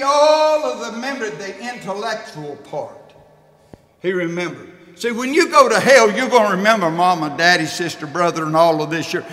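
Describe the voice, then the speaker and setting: High-voiced preacher in a church. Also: male voice. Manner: folksy, loud and emphatic, swinging from shouts to low storytelling. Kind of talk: sermon. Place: church sanctuary. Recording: long church reverb.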